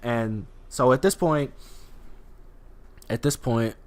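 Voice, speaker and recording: A man's voice: medium pitch, takes it slowly, darkish tone. A young man telling a story casually, rambling and swearing, with many restarts and fillers.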